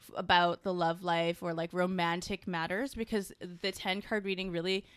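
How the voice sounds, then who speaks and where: A woman chatting casually as she reads a star chart and tarot cards, full of fillers and quick asides. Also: fairly low pitch, level tone, a bit bright, clean tone, no echo. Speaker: tarot and astrology reader. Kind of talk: casual chat.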